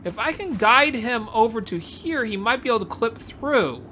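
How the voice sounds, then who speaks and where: A woman gives excited gameplay commentary, often gasping and exclaiming as she explores. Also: on the high side, normal speed, a little hiss or hum. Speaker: gameplay video creator.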